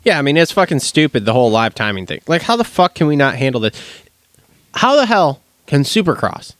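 A man's voice: on the high side, big pitch swings, a little fast, fairly bright tone, dry recording. A man co-hosting a podcast in a studio, chiming in with exasperated, profane agreement. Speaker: podcast co-host. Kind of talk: casual chat.

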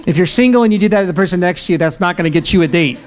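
A man preaching a sermon to a church congregation, energetic and joking, breaking into shouted praise. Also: high-pitched, very fast. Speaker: pastor. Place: church sanctuary.

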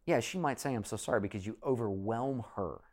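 A man's voice: medium pitch, animated, brisk, darkish tone. A man preaching a sermon in a conversational, self-deprecating way, reading scripture and acting out imagined conversations. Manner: conversational, self-deprecating, acts out quoted voices. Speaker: pastor.

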